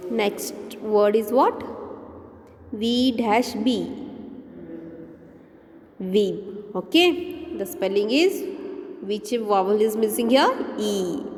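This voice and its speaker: An Indian English woman leads a kindergarten phonics lesson at a very slow, deliberate pace. She spells each word letter by letter, then asks a question and answers it herself. The recording has a long echo and faint background noise. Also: mid-range voice, a little mellow. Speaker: kindergarten teacher.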